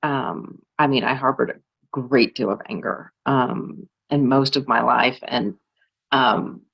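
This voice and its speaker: A woman's voice: a bass voice, fairly even intonation, slow pace, gravelly, slightly rough, lo-fi sound. An American woman from California with a slight Southern drawl, speaking reflectively as an author guest on a video call, hesitant with many fillers and restarts. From California, USA. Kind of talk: reflective conversational talk.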